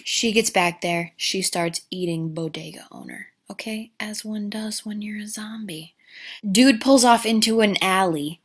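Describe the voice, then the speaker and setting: A woman who recaps a movie at an unhurried pace, piling on deadpan, sarcastic commentary. She swears freely and pauses to mock the plot. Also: medium pitch, slightly rough. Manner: sarcastic, profane, deadpan asides.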